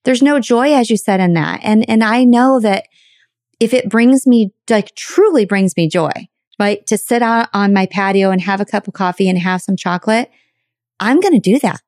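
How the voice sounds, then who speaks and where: A woman's voice: mid-range voice, moderate pace, a little mellow, dry recording, clean studio sound. A middle-aged woman hosting a podcast, talking in a chatty, candid and self-deprecating way. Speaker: podcast host. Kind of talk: casual interview chat.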